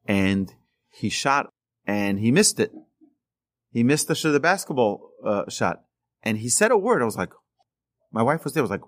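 A man gives a teaching talk as a rabbi, and his voice leaps up and down in a lively sweep of pitch. His pitch sits in the middle range. He punches key words with sudden rises and often repeats or restarts a phrase as he builds his point. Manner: animated, emphatic, voice jumps up on key words. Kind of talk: teaching talk on speech and ethics.

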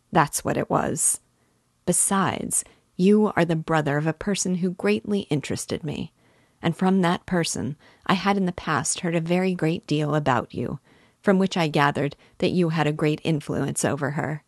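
A woman reads from a storybook as a sly, suave middle-aged schemer who talks in a teasing, unhurried way. Her voice sits low and close with a dry, plain sound and no echo.

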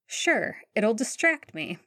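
A woman's voice: fairly high pitch, big pitch swings, slow pace, pushed and bright, no room sound, heavily acted. A woman reading a wry, bookish teenage wizard boy. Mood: dry. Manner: dry, teasing.

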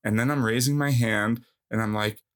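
A man in his fifties, a guest telling a funny story from his youth in a casual, animated, self-mocking way, filling his speech with "like" and "you know". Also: medium pitch, normal speed, a little hiss or hum. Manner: animated, self-mocking, heavy use of filler words.

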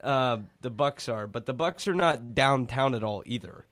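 A man's voice: medium pitch, a bit bright, no room sound. Man, sports radio co-host, casual talk, argumentative, dry close mic. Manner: argumentative, quick to push back.

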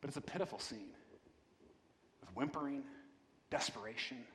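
A man's voice: medium pitch, animated, moderate pace, a bit bright, a little hiss or hum. A man preaching a sermon in a conversational way, often checking in with the congregation. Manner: conversational, repeats "right?", restarts words. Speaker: pastor. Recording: long reverb of a large hall.

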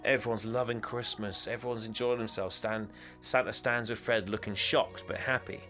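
Brief: man, podcast co-host, bright forceful voice, lively, laughs a lot, faint music behind. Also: fairly low pitch, moderate pace. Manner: animated, laughing, acts out quotes. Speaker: podcast co-host recapping a film. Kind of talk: casual chat.

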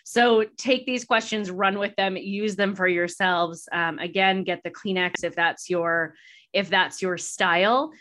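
A woman's voice: mid-range voice, fairly even intonation, measured pace, a bit bright. A woman podcast host answering interview questions in a candid, reflective way, laughing easily. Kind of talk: casual conversational interview.

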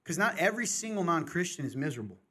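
A man's voice: a little high, sing-song, racing, bright, forceful tone, husky. A middle-aged man hosting a podcast, talking candidly and passionately in casual chat, in bursts and restarts. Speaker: podcast host.

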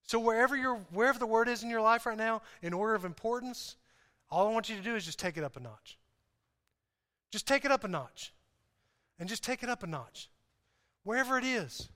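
A man preaching a sermon to a congregation in an animated, joking way, often repeating himself and restarting. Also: very high voice, a little fast, clean tone. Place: church hall. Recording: hall reverb.

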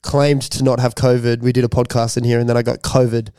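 This young man runs a loose podcast chat, swearing casually and ribbing his mates. His tone stays easygoing and quick to laugh. The recording is dry, with little room sound. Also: medium pitch, level tone, mellow, smooth, no room sound. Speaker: podcast co-host. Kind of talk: casual banter.

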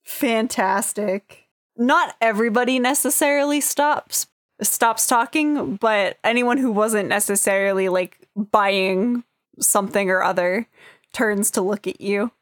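A woman's voice: medium pitch, unhurried, no room sound, studio quality. A young woman narrating as dungeon master in a casual, easygoing way. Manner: casual, easygoing, uses fillers like "like". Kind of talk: narrating a tabletop game.

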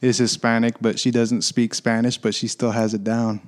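A man's voice: mid-range voice, flat delivery, normal speed. An American man as an interview guest, explaining things in a thoughtful, conversational way. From United States. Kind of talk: casual interview chat.

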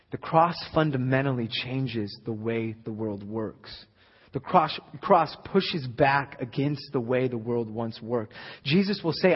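A man preaching a sermon as a guest speaker, conversational at times and building to loud, emphatic peaks. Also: mid-range voice, slightly rough. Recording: echoey hall, slightly dull sound.

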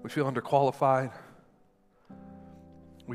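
A man preaching a sermon in a church, talking in an animated, conversational way while he acts out a scene with a volunteer on stage. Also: fairly high pitch, a little fast. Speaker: pastor. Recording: long hall reverb with faint music.

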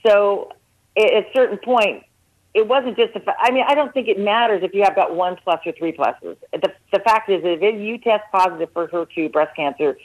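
A woman's voice: mid-range voice, normal speed. A woman calling into a radio show and earnestly telling her own story, acting out the conversations she had. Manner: earnest, animated retelling with quoted dialogue. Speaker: caller. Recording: phone line.

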